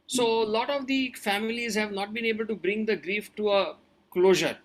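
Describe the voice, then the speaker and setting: A man's voice: sits high, normal speed. A man who is a doctor, answering audience questions over a video-call webinar in an earnest, advising way and repeating his key points.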